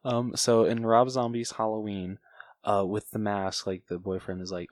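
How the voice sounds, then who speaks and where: A man with a low voice chats casually on a podcast, relaxed and easygoing as he tells the story. The sound is close and dry, with no room echo. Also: normal speed. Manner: laid-back, chatty, laughs often. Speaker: podcast co-host. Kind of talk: casual chat. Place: house at night.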